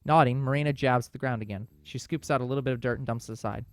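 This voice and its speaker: Fast-reading man narrating a visual novel. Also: mid-range voice, no echo. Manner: quick, steady storybook reading with small slips. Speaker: let's play host reading the story.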